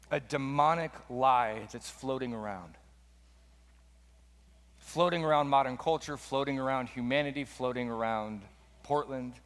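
Man preaching in a reverberant sanctuary. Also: fairly bright tone. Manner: impassioned preaching with dramatic pitch swings. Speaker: pastor. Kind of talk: sermon. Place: church sanctuary. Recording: long hall reverb.

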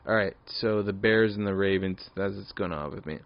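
A man's voice: deep voice, moderate pace. A drunk man in his early twenties hosting his own podcast alone, rambling, swearing and repeating himself. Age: 20s. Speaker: podcast host. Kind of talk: casual solo podcast rant. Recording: dull lo-fi recording.

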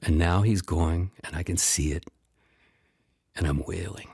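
Low, husky male storyteller, dry sound. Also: fairly even intonation, measured pace, a little mellow, no echo. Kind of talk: first-person spoken storytelling.

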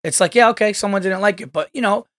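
A man hosting a podcast, telling stories in casual chat, animated and swearing freely as he acts out quotes. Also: sits high, fast talker, no room sound, studio quality. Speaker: podcast host.

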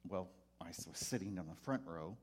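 Lively man telling a story. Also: sits low, normal speed, breathy edge. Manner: lively, swings between hushed and loud. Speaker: preacher telling his story. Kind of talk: storytelling talk to an audience.

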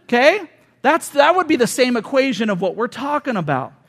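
Guy in his 40s preaching, really high voice, chatty storytelling sermon, leans hard on key points. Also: sing-song, a little fast, a bit bright. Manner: conversational, storytelling, emphatic. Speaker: pastor. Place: church hall with audience.

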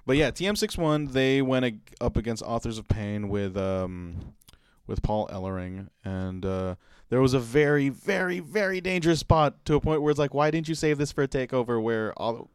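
A man co-hosting a casual podcast chat, rambling and stumbling over his words as he gets animated. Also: mid-range voice, moderate pace, clear, resonant tone, dry recording, studio quality. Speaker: podcast co-host.

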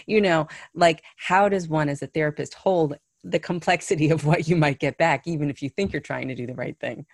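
A woman with a low voice hosts a conversational interview. Her tone is gravelly, and she thinks aloud in a reflective, searching way. The recording is close and dry. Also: brisk, no echo.

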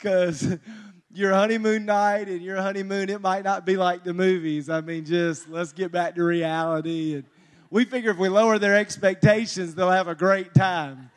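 Guy with a pretty high voice, joking about himself at a marriage talk, keeps laughing. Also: fairly even intonation, moderate pace, clear, resonant tone. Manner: self-mocking, laughs between lines. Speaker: marriage conference speaker. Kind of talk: humorous personal testimony talk.

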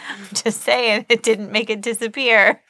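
A woman co-hosting a podcast, teasing and sarcastic. Her voice has a gravelly, creaky edge. The sound is dry and close, with no room around it. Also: on the high side, steady tone, unhurried, sharp tone, no room sound. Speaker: podcast co-host. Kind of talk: casual chat.

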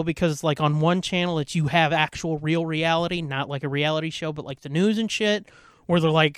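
A man's voice: a little high, clear, resonant tone, no echo. A man in his thirties hosting a live podcast chat, telling a story in a loose, rambling way and swearing freely. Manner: profane, rambling storytelling with filler words. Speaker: podcast host. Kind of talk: casual live chat on a voice call.

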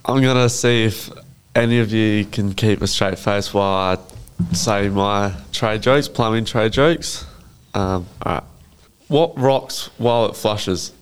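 A teenage man co-hosting a casual student podcast and telling short jokes in a deadpan way. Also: on the low side, takes it slowly, clean tone.

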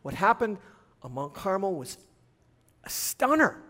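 A male pastor preaching with a high, bright voice. He tells the story in an animated way and keeps turning to the congregation with asides. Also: moderate pace. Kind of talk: sermon.

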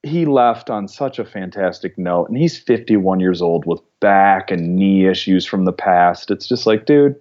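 A man as a podcast guest, talking casually in a relaxed way and laughing often. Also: sits low, measured pace, hardly any pauses. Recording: dull lo-fi mic.

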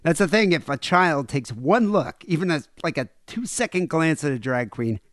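Middle-aged man, co-host, jokey and animated, lively pitch, dry sound. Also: moderate pace, no echo. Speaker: podcast co-host. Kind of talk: casual comedic chat.

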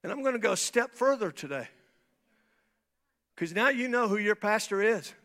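A man preaching an impassioned evangelistic sermon as a pastor in a church, swinging between shouts and hushed near-whispers. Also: sits high, animated, moderate pace.

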